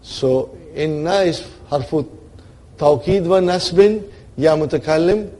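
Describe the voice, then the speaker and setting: A man's voice: on the high side, unhurried, warm tone. A man teaching a grammar class, explaining step by step with rhetorical questions and often checking that his students are following him. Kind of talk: classroom lecture.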